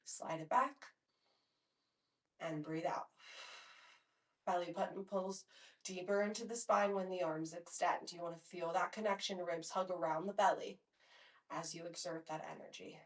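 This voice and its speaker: With a voice on the low side, a young woman paces her home pilates workout a little slowly and pauses often. As the instructor, she counts reps, encourages her listeners between breaths, and chats in asides while giving guided instructions. The recording is echoey, with the mic distant and her voice off-axis.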